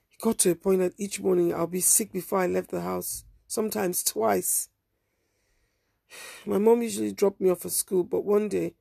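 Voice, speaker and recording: A woman narrating a first-person story in a quiet, subdued, measured way. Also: on the low side, vocal fry, slightly rough, no echo, clean studio sound.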